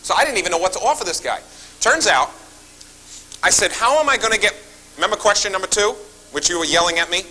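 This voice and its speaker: A man with a high voice speaks at a quick pace with long pauses, on a rough recording. He tells stories at a seminar in an animated manner, acting out his phone calls and turning often to the audience.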